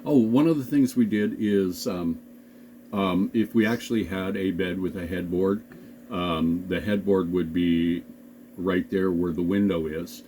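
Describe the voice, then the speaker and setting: A man chatting casually in a home bedroom, hesitant and halting, with many ums. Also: low-pitched, mellow, a little hiss or hum. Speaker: vlog co-host. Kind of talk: casual chat. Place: home bedroom, sitting on the bed. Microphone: camera on a desk.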